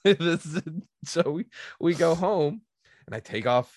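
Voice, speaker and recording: A man's voice: on the high side, takes it slowly, long pauses, no echo, studio quality. A man in his thirties telling a casual story, laughing often and acting out what people said. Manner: animated, laughs often, acts out quotes.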